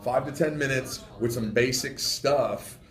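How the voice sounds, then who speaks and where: A man's voice: mid-range voice, a little slow, echoey room. A man chatting as a guest in a radio studio, telling fishing stories animatedly with lots of fillers. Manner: animated storyteller, many fillers. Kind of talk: casual radio studio chat.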